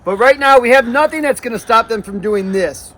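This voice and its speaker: His voice is extremely high and a bit bright, moving a little fast. He's a builder hosting a casual construction vlog on a cold outdoor site, cheerfully talking through every step as he works, winded from the chill and the climbing, all captured by an action camera.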